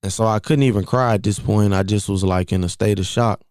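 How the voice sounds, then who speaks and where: Young guy in his 20s, lowish voice, dry close sound, just talking through his own story real casual and repeating himself. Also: brisk, a little mellow, no room sound. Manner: casual, conversational, repeats phrases as he recounts. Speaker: podcast host. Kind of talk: personal storytelling monologue.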